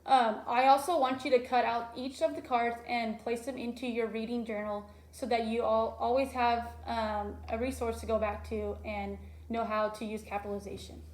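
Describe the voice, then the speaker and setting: A young woman teacher talks through a recorded lesson for young children, patient and explanatory, with frequent ums. Her voice is a little high, and the recording has a roomy echo. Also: level tone, normal speed, few pauses, a little mellow.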